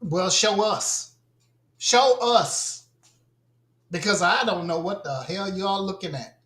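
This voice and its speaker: A man's voice: sits high, takes it slowly, fairly bright tone, roomy sound. A man co-hosting a gaming podcast, ranting bluntly and with a lot of swearing in casual chat. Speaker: podcast co-host.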